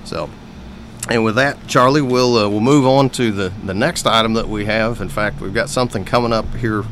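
A man, a city official chatting on local radio, halting with many fillers and quick to laugh. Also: lowish voice, a bit bright, a little hiss or hum. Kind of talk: casual radio chat.

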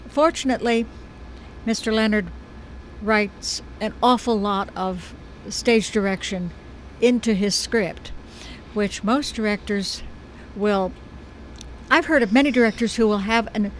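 An American woman speaks in an easygoing, thoughtful way about directing a play, now and then slipping in a dry joke. Her voice sits at an ordinary middle pitch. A faint hum of noise lies under her words. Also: rough recording. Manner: chatty, thoughtful, gently humorous. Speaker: stage director. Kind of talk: conversational interview.

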